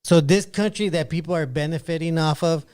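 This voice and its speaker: A man's voice: on the high side, a little fast, a little mellow, clear, resonant tone. A man in casual chat, laying out an argument point by point.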